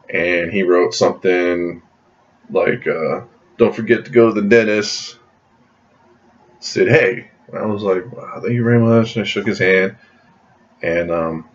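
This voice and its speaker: A man with a lowish voice tells a long personal anecdote in a loose, casual way. He stops and restarts often and laughs along the way. The recording sounds dull and lo-fi. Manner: rambling, self-interrupting, laughs often; jumps high in pitch when acting out his own surprise. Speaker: vlogger telling a story. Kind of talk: casual storytelling to camera.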